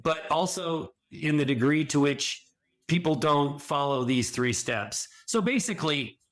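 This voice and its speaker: Middle-aged male guest, slightly higher-pitched, earnest and explanatory, restarts a lot. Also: animated, unhurried. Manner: earnest, explanatory, with frequent restarts and "you know". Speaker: podcast guest, addiction and sexual health counselor. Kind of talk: conversational podcast interview.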